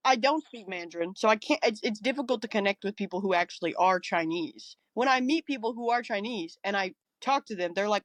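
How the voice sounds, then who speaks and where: A woman from Appalachia chatting casually on a podcast, animated and quick to mimic other voices. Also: mid-range voice, no room sound. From Appalachia, United States. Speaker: podcast guest.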